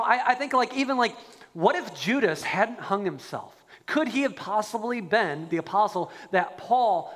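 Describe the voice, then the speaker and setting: A man preaching a sermon as a pastor, animated and acting out quoted prayers. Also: high-pitched, in a large hall.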